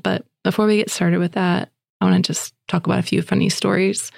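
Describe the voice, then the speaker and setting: Gravelly-voiced woman podcast host. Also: on the low side, a little fast, no room sound. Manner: chatty, animated storytelling with voiced quotes. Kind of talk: faith podcast monologue with prayer and stories.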